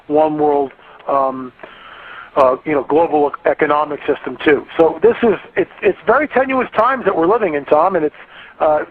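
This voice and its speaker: A man's fairly high voice comes through a thin, phone-like radio line. He tells his stories with fervor as an interview guest, often doubling words as he builds momentum. It sounds like a call-in segment of a talk radio show. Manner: fervent storytelling, repeats words when building up.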